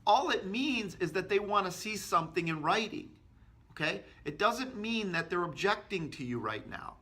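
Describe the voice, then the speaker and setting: Guy doing a sales tip, lively, acts out calls, crisp bright tone. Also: high-pitched, moderate pace. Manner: energetic, acts out customer and agent lines. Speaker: sales trainer. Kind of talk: instructional talk to camera.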